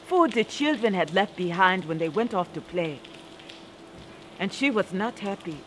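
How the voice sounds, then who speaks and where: A woman performs a spoken-word story with a slow, measured pace. She leans on dramatic pauses and rhythmic repetition, her voice sitting at a middle pitch. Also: animated, a bit bright, a little hiss or hum, low-quality recording.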